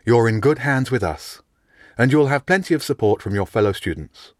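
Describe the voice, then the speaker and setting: A man reading an audiobook, voicing a jovial middle-aged woman housemaster who talks briskly and formally. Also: medium pitch, animated, no echo, studio quality, pitched above the performer's own voice, natural voice.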